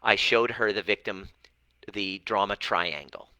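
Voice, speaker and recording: Blunt, bright-voiced male relationship coach. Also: on the low side, a little slow, no echo, rough recording. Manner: blunt, swears freely, acts out client's words. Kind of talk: motivational talk to camera.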